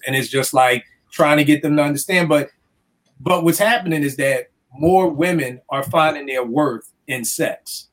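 A man's voice: a little high, moderate pace. A man from the DC area, a youth counselor telling stories in a casual podcast chat, acting out what people said and swearing freely. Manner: animated storyteller acting out quotes, swears freely. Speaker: youth counselor and music producer.

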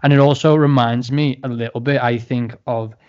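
A man co-hosting a casual podcast, joking and swearing in a relaxed way. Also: mid-range voice, moderate pace. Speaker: podcast co-host. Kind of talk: casual chat. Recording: slightly dull, muffled audio.

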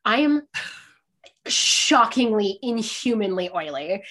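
A woman guest who performs in drag, chatting casually in an interview with lively, swearing storytelling. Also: medium pitch, slow pace. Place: sitting by a window, on a video call.

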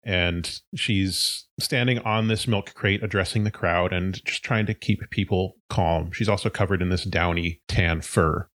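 A man serving as game master, narrating a tabletop game in a relaxed, descriptive way. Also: sits low, a little slow, few pauses, dry recording.

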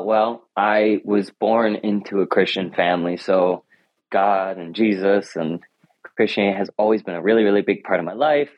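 Teen male interviewee, thoughtful and sincere, lowish voice, muffled lo-fi sound. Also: no echo. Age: teens. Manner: earnest, reflective, with many restarts. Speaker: high school runner, interview guest. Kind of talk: interview answers. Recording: dull lo-fi sound.

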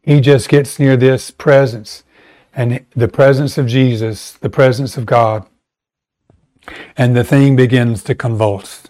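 Guy preaching, chatty but emphatic, jumps up high to make a point. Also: fairly even intonation, slow pace, mellow. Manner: conversational, emphatic preaching with sudden pitch rises. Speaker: pastor. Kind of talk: sermon.

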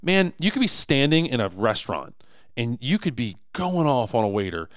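A man's voice: medium pitch, moderate pace, no echo, clean studio sound. A man co-hosting a casual podcast, talking emphatically with many restarts. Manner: animated, emphatic, frequent restarts. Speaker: podcast co-host, business owner.

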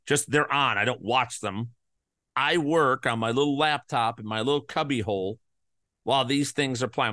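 A man hosting a podcast, rattling off statistics in an animated, ranting monologue and swearing often. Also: medium pitch, no room sound, clean studio sound. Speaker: podcast host. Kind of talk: fantasy football podcast monologue.

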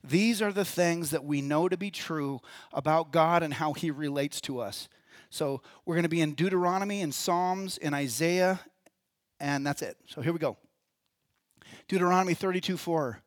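A man's voice: a little high, moderate pace, no echo. A man preaching a sermon in church as pastor, talking in a conversational way and putting questions to the congregation.

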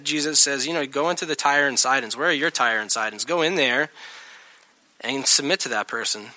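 A man preaching a sermon as pastor of his church, telling stories animatedly and acting out the people in them. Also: mid-range voice. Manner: animated storytelling, acting out voices.

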